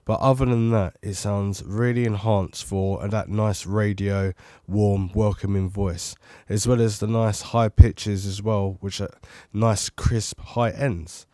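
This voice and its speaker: Low-voiced man chatting into a mic. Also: steady tone, takes it slowly, warm tone, no echo, clean studio sound. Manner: rambling, chatty, self-commenting. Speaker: tech reviewer. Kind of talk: casual microphone test talk. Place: home desk with keyboard. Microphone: close studio condenser mic.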